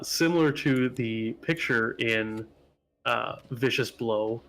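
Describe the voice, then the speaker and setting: A man at an ordinary pitch narrates his character's moves in a tabletop game. He takes his time, stretching each phrase out slowly with plenty of fillers. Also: fairly bright tone, slight background noise. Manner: slow, drawn-out storytelling with frequent fillers. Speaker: guest player.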